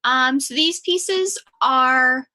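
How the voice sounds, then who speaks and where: A young woman with a Long Island accent, reading her own lyrical prose aloud to an audience in a measured way. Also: high voice, pushed and bright. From Long Island, New York. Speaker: graduate writing student.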